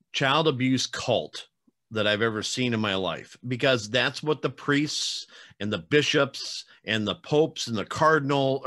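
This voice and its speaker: Male podcast host, casual interview, blunt and worked-up, average pitch. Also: sharp tone. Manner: blunt, heated, many fillers.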